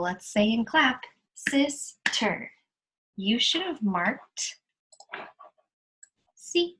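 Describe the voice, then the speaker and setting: A woman's voice: on the high side, a bit bright, a little hiss or hum, poor audio. A woman teacher patiently walking students through their worksheet answers step by step, recorded while sharing her screen. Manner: slow, patient, explaining step by step. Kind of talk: recorded lesson walkthrough. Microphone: screen-share recording.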